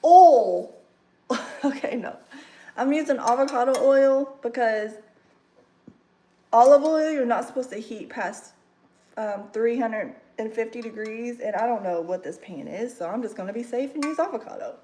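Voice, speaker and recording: A woman's voice: on the high side, animated, moderate pace, mellow. A woman with a Kentucky accent, chatting casually with viewers while she cooks in her home kitchen and laughing often. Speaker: livestream cooking host. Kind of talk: casual livestream chat while cooking. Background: sizzling pan.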